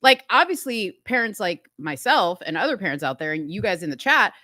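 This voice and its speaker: Woman host ranting bout a tv show, kinda bright sharp voice, dry sound, laughing in disbelief. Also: medium pitch, big pitch swings, fairly quick, no room sound. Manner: incredulous, indignant, laughing asides. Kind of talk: opinionated commentary on a TV show.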